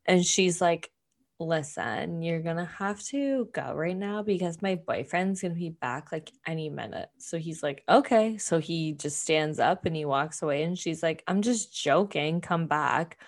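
Lower-voiced woman rambling casually. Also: measured pace. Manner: rambling, heavy on "like", swears freely. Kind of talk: casual chat recapping a TV show.

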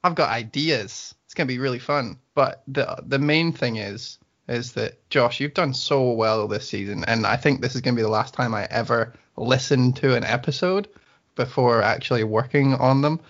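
A man from Scotland with a Scottish accent, joining as a new podcast co-host, friendly and quick to laugh. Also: medium pitch, fairly bright tone, muffled recording. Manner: laughs often, friendly, easygoing. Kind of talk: casual podcast chat.

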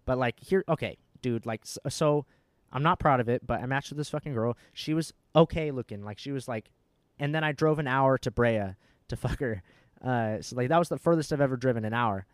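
A man's voice: medium pitch, fairly quick, dry recording, studio quality. A young man hosting a podcast, telling a story in casual, profane chat, full of filler words. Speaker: podcast host.

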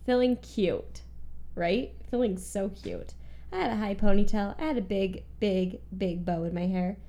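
A woman co-hosting a podcast, telling a story in an animated, self-mocking way. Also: medium pitch, a little slow. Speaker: podcast co-host.

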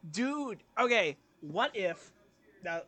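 This young man co-hosts a laid-back podcast, speaking slowly in a high, sing-song voice with a sharp edge. He rambles, gets crude, mocks himself, and laughs his way through his stories.

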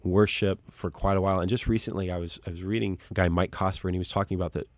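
Deep-voiced earnest man, dry close sound. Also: steady tone, racing, no echo. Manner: earnest, reflective, many restarts. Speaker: musician and pastor, guest. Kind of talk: conversational interview.

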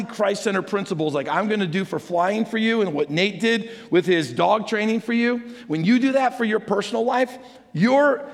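Guy pastor preaching, chatty and animated, big church hall echo with a long tail. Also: high-pitched. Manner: animated, chatty, asks the congregation questions. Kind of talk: conversational sermon.

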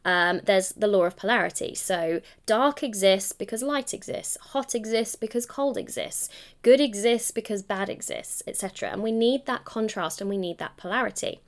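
A young woman talks straight to her listeners in a solo podcast. Her delivery is chatty and encouraging, and she often catches and corrects her own phrasing mid-sentence. Her pitch sits in the middle of the usual range. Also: expressive, normal speed. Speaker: podcast host. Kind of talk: solo coaching podcast monologue.

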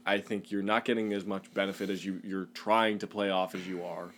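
A man's voice: low voice, little pitch movement, a little fast, a bit bright, slight background noise. A young man from Canada co-hosting a podcast, teasing and exasperated in casual banter, with swearing. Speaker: podcast co-host.

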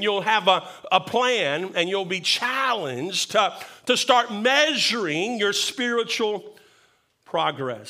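Man, pastor mid-sermon; high, bright voice, deliberate unhurried pace, stresses by repeating. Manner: earnest preaching, repeats words for emphasis.

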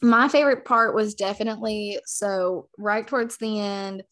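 A woman co-hosting a casual book podcast, excitedly retelling scenes and acting out the characters' lines. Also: medium pitch, normal speed. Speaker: podcast co-host.

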